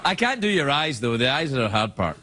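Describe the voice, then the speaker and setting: A man's voice: mid-range voice, sing-song, fairly quick, heavy background noise. A man with a Scottish accent hosting a late-night comedy show, with playful, mock-indignant banter and frequent laughter.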